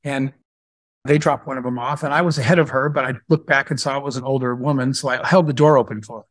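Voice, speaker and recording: A man speaking as a guest entrepreneur in a live question-and-answer talk, telling stories in a lively, conversational way. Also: mid-range voice, fast talker, no echo. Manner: animated storyteller who acts out dialogue.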